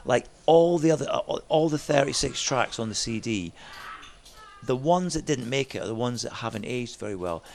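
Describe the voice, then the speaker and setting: A man, a DJ guest, telling lively stories in a chat and mimicking other people's voices as he goes. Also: medium pitch, normal speed, vocal fry, slight background noise. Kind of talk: animated storytelling chat.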